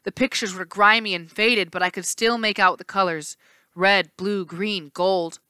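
A woman teacher reading a novel aloud in a steady storytelling voice with small slips. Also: mid-range voice, unhurried, clear, resonant tone, no echo.

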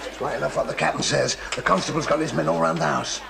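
An actor playing a plain-spoken servant who reports news bluntly. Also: male voice, a little high, quick pace, gravelly, over a noisy crowd.

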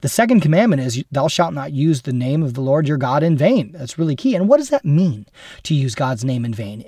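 A man's voice: mid-range voice, darkish tone, husky, no room sound, studio quality. A middle-aged man hosting a Catholic devotional series, reading a spiritual classic aloud in an earnest, devout way, then reflecting on it. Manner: earnest and devout, slowing for emphasis.

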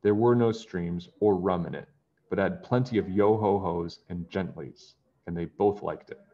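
Deep-voiced man reading a storybook. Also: moderate pace, dull audio. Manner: expressive, adds chatty asides to young listeners. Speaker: children's book reader. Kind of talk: storybook read-aloud.

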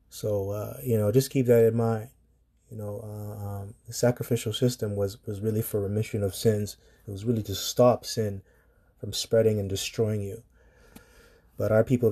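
A man's voice: on the low side, mellow. A man giving an informal sermon in a rambling, preachy way, with filler words and casual swearing.

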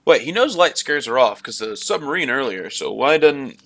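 A man's voice: mid-range voice, expressive, moderate pace, a bit bright, no echo. A man giving running let's play commentary on a game, swearing often and talking to himself and at the game. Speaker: gamer.

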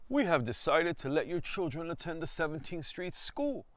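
A man's voice: on the high side, sing-song, moderate pace, a bit bright, no echo, pitched above the performer's own voice. Storybook figure, stern condescending superintendent, read by a male teacher, dry close sound.

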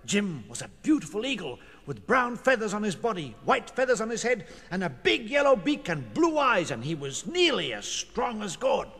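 A man reading a children's story aloud in a playful, animated way. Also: sits high, moderate pace, gravelly, hardly any pauses, breathy edge.

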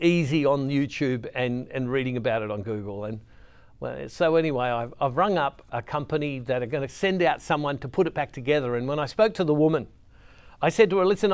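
A man's voice: fairly high pitch, clean tone. A middle-aged man gives an earnest, conversational Catholic devotional talk, repeating phrases for emphasis. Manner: earnest, conversational, repeats words when stressing a point. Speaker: Catholic speaker.

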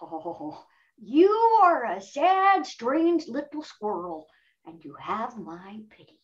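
A woman's voice: high voice, big pitch swings, moderate pace, fairly bright tone, dull audio, voice pushed up. A woman voicing a bold boy genius who acts like a pompous space hero. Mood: pitying. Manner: grand, self-important declaring.

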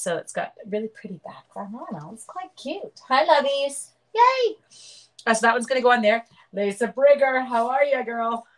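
A woman's voice: mid-range voice, a bit bright, poor audio. A middle-aged woman casually demonstrating card making on a live stream, chatting and greeting viewers by name as she works.

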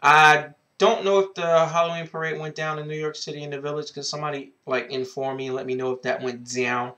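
A man's voice: fairly high pitch, little pitch movement, pushed and bright. A man giving dating advice in a casual vlog. He is sassy and outspoken, swears freely, and keeps drawing out a greeting catchphrase. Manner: repeats a drawn-out greeting catchphrase. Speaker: advice vlogger.

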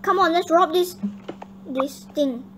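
A young girl hosting her gaming channel, chatting excitably and bossing her teammate around. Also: very high voice, unhurried. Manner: excitable, chatty, bossy toward her partner. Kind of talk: casual gameplay chat. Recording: noisy home recording.

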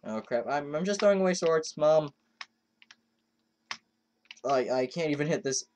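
A woman's voice: low voice, moderate pace, noisy background. A woman commenting on her own gameplay as she plays, exclaiming often and talking to herself in frustration. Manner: excitable, exclaiming, frustrated self-talk. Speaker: let's play host.

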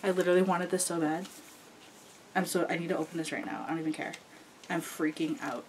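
A young woman vlogger gushing excitedly as she unboxes gifts, full of "like" fillers. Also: lowish voice, quick pace, slight background noise, low-quality recording. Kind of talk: gift unboxing chat.

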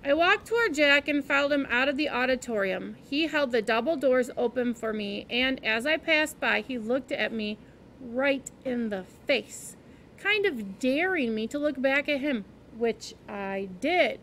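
A woman reading a children's novel aloud in an expressive, gentle storytelling manner. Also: sits high, a little slow, a little hiss or hum. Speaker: reader.

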